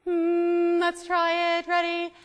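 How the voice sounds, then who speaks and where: High-voiced woman leading a singing lesson. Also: slow, noisy background. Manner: lively, coaxing, demonstrative. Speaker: church music leader. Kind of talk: teaching a group to sing psalms. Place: church hall. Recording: echoey hall with faint singing behind.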